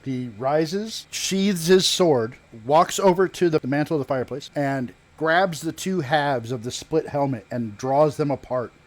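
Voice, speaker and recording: A man running a tabletop game as game master, narrating the scene in a halting, measured way with pauses and restarts. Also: a little high.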